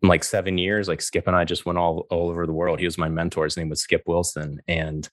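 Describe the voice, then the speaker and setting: Deep-voiced animated storytelling man. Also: brisk, dry recording. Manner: animated, acts out dialogue, laughs often. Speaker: guest. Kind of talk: casual storytelling.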